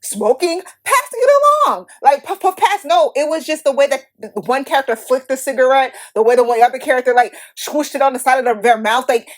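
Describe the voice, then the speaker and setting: Haitian american lady on her podcast, kinda high voice, roasting a movie, cussing a lot, super animated. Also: quick pace, hardly any pauses. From United States. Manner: blunt, profane, animated opinions. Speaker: podcast host. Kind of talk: casual movie review.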